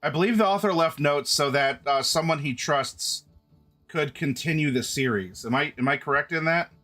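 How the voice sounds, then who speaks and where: A man hosts a live stream, talking casually and directly to his viewers, often restarting mid-sentence. His voice sits high and sounds bright and forceful. Faint music plays behind him. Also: normal speed. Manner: chatty, restarts often, addresses chat directly. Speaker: streamer host.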